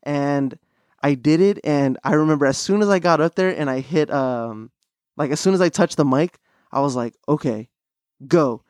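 Speaking at normal speed with a highish, clean voice, a young man tells stories as a podcast host. The dry recording catches his casual, lively chatter, full of fillers and false starts.

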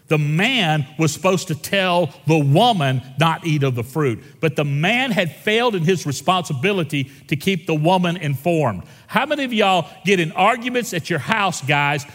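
A man preaching a sermon in an animated, conversational way, slowing down dramatically and joking with the congregation. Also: sits high, in a large hall. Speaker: pastor.

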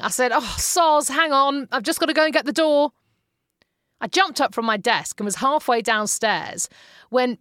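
A chatty English woman hosts her own podcast and tells everyday stories in an amused, expressive way. Her voice sits fairly high and moves up and down a lot. The recording is dry and close. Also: no echo. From England. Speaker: podcast host. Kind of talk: casual storytelling monologue.

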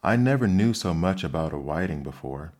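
A man's voice: low voice, animated, fairly quick, darkish tone. A man voicing Alice, a curious and polite young girl, in an ASMR bedtime story reading.

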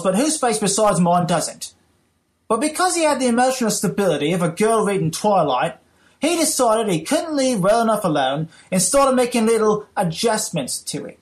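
A man with a put-on British accent voicing a pompous gentleman caller in a comic, profane voicemail rant. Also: high voice. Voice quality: mock-haughty, profane.

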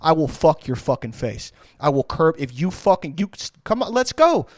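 A man's voice: a little high, sing-song, background noise. A man voicing a short, furious friend who spits wild, profane threats at a bigger opponent. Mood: menacing. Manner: profane, rapid, menacing.

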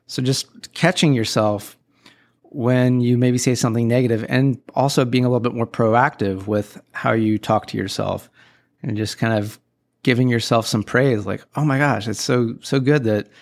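A man's voice: mid-range voice, steady tone, normal speed. A man hosting a podcast, talking casually and giving upbeat, encouraging self-help advice with a playful touch. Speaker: podcast host.

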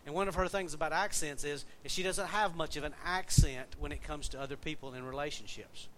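A man's voice: fairly high pitch, steady tone, brisk, sharp tone, a little hiss or hum. A man preaching a sermon in a conversational way, often asking the congregation questions. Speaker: pastor.

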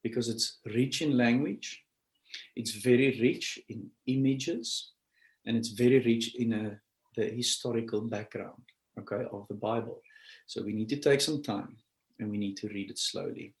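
Man, pastor, sermon, earnest, animated, echoey church room. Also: medium pitch, a little slow.

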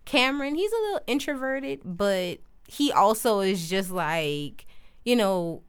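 A woman's voice: mid-range voice, a little slow, smooth. A young woman hosting a podcast, chatting casually and acting out the voices of people in her stories. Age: young adult. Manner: animated storyteller, acts out quoted voices. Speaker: podcast host. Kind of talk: casual conversation.

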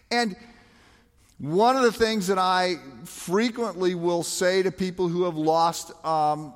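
A man's voice: on the high side, in a large hall. A man preaching a sermon as a pastor, talking conversationally with emphatic rhetorical questions.

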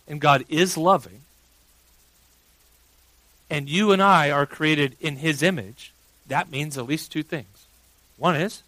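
A man in his thirties, a pastor, preaches a sermon and tells a family story, swinging sharply between hushed and loud. His voice sits a little high, and the poor-quality recording has no room sound.

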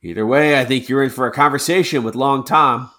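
A man voicing a suspicious, ragged male halfling soldier who talks in a gruff, brusque way. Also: medium pitch, fairly quick, bright, forceful tone, lightly acted. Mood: insistent.

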